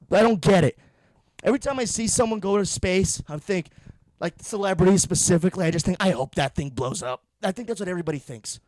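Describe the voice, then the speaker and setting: A man's voice: high voice, darkish tone, no echo. A young man hosting a podcast, delivering a blunt, profane, rambling comedic monologue. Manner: rambling with frequent restarts. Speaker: podcast host.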